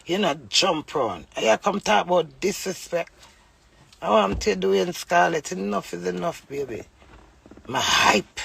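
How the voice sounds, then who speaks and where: Gravelly Jamaican woman ranting. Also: on the low side, lively intonation, normal speed. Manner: heated, scolding, addresses her husband directly. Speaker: vlogger. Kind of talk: angry live rant.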